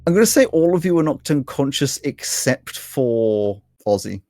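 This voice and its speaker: Guy gm narrating a tabletop game, lively and descriptive, quiet fantasy music underneath. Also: medium pitch, moderate pace, no echo, clean studio sound. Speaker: game master. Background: soft fantasy music.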